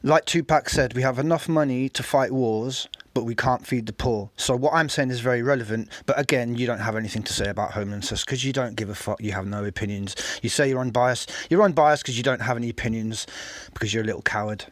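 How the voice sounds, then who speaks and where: A man's voice: mid-range voice, fast talker, no echo. A man giving scornful, mocking commentary over a recorded street debate.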